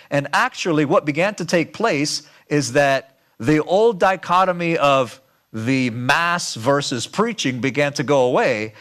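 Male lecturer, animated delivery, slightly high voice, emphatic preaching style. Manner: emphatic, rhetorical questions to audience. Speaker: speaker.

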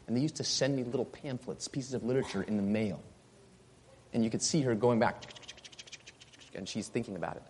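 A man preaching a sermon, telling a story and rising to loud exclamations. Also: medium pitch, fairly quick, husky, in a large hall.

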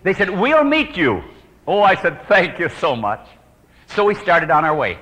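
A man evangelist telling a personal story in an earnest sermon style, his voice dropping to hushed, prayerful tones. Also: on the high side, expressive, moderate pace, big-room sound.

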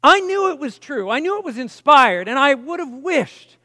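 A man's voice: very high-pitched, big pitch swings, moderate pace, pushed and bright, no echo, big-room sound. A man preaching a teaching sermon, talking conversationally with asides and reading quotations with emphasis. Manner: conversational, explains with asides and reads quotes emphatically.

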